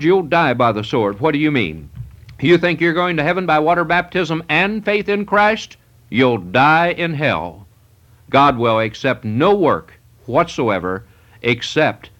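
A man's voice: mid-range voice, a bit bright. A man preaching a sermon, reading scripture and pressing his points with emphatic repetition. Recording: muffled lo-fi recording.

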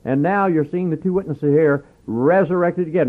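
Radio preacher guy, fervent, gets loud then goes quiet, thin phone-like sound. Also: a little high, moderate pace, few pauses. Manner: fervent preaching, swinging from loud urging to hushed asides. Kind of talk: radio sermon. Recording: narrow lo-fi radio broadcast sound.

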